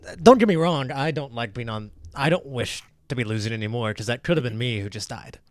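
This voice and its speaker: A man voicing a weary male prisoner who gives measured, grim warnings. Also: mid-range voice, no echo, lightly acted. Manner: measured, warning, matter-of-fact.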